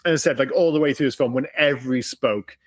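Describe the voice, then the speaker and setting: A man's voice: mid-range voice, fast. A man co-hosting a podcast, talking animatedly about a film, swearing freely and acting out lines. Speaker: podcast co-host. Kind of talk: casual film-review chat.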